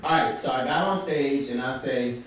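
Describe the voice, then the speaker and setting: A man's voice: mid-range voice, normal speed, distant mic. A young man from Brooklyn telling a funny story to a live audience on a theater stage, laughing through his telling. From Brooklyn, New York. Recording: very echoey theater, from off mic.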